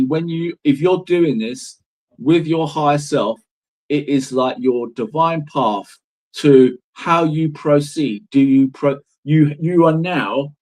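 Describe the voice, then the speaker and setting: A middle-aged man speaks as an interview guest, telling stories in a loose, rambling way. He leans hard on words and swears casually. His voice sits at a middling pitch. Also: darkish tone, poor audio. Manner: rambling, emphatic, swears freely.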